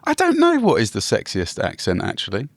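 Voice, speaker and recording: A man's voice: mid-range voice, huge pitch swings, brisk, gravelly, dry recording, clean studio sound. A man co-hosting a podcast, chatting casually and teasing his co-host in a playful way over a remote call. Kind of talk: casual chat.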